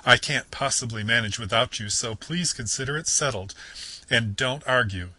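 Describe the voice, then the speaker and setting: A man voicing a boastful, conceited male toad gentleman from a storybook, excitable and pompous. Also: mid-range voice, takes it slowly, slightly rough, dry recording, pitched above the performer's own voice, exaggerated voice. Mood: wheedling. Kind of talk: reading a storybook excerpt aloud.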